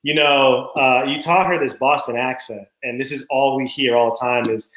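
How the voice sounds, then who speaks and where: Animated storytelling dad in echoey room. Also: male voice, medium pitch, normal speed, hardly any pauses. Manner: animated storyteller, laughs often. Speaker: podcast co-host. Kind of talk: casual chat.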